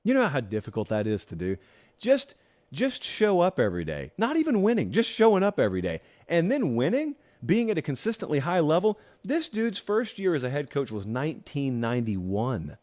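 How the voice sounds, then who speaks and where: A man hosts a solo sports talk show, addressing viewers directly. His pitch leaps around as he talks, and he leans into a dry, sarcastic edge. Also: huge pitch swings, normal speed, a little mellow. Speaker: host.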